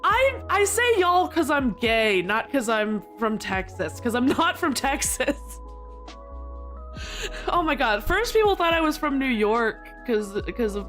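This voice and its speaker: A woman's voice: sing-song, a little slow, hardly any pauses, a bit bright, soft background music. Giggly rambling woman streamer. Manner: giggly, rambling, with frequent laughter; squeaky high protests when flustered. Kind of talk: casual live-stream chat.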